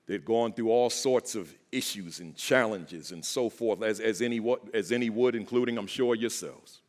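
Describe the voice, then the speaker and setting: A man giving a motivational keynote to teachers, with an emphatic, preacher-like delivery and call-and-response. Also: lowish voice. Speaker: keynote speaker, school principal. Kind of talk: motivational speech. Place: large church auditorium. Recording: echoey hall with long reverb.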